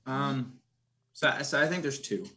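A man's voice: medium pitch, measured pace, sharp tone. A man, a podcast guest, telling a personal story in an earnest, reflective way with many restarts. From United States.

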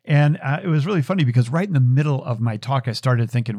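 A man's voice: mid-range voice, lively intonation, quick pace, hardly any pauses, dark tone, no echo, clean studio sound. A middle-aged man hosting a show, telling a personal story in an earnest, reflective way with frequent restarts. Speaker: show host.

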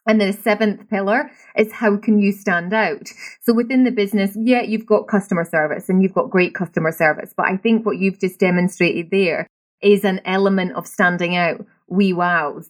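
Enthusiastic Scottish woman host. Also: mid-range voice. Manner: enthusiastic, asks open questions. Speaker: interview host. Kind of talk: conversational interview.

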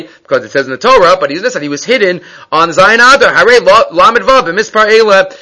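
A man's voice: sits high, sharp tone. A man teaching a Torah class, reading Hebrew sources aloud and explaining them in English. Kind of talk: text-based Torah class.

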